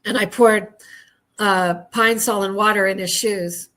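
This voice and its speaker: Candid woman guest, halting testimony. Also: mid-range voice, steady tone, fairly bright tone. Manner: candid, halting, frequent throat-clearing. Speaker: guest, Army veteran. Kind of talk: personal testimony in conversation.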